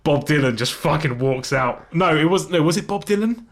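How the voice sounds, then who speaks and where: A man co-hosting a podcast, telling anecdotes in a relaxed, sweary, casual way over a video call. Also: on the high side, normal speed. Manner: laid-back, swears, tells anecdotes. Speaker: podcast co-host. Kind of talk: casual chat.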